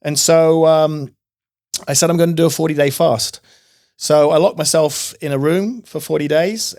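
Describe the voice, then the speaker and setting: A middle-aged man telling his life story as a podcast guest, emphatic and animated, acting out his own past outbursts. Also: on the high side. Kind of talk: testimony in casual interview.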